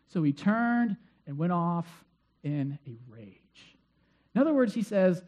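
A man's voice: high-pitched, big pitch swings, normal speed, mellow, dull audio. A male pastor preaching a sermon in a conversational, storytelling way with frequent fillers.

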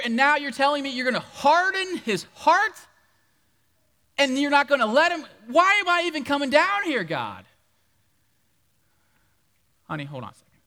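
A man acting out an old, harried Moses who protests at full volume with a sharp, bright edge. His voice shoots up in disbelief and rings through a long hall reverb. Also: vocal fry, heavily acted. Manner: loud, exasperated, pitching up in disbelief. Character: old male prophet Moses, flustered and protesting.

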